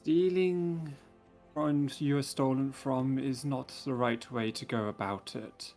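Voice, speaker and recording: A man voicing a calm old turtle-folk character who speaks in a slow, measured, mediating way, with a gravelly voice. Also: medium pitch, soft background music.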